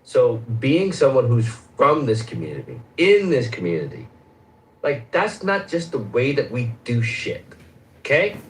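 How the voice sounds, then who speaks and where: A man's voice: medium pitch, very animated, a little slow, echoey room, low-quality recording. A man in a heated stage debate who is insistent and swears, repeating his opponent's name over and over.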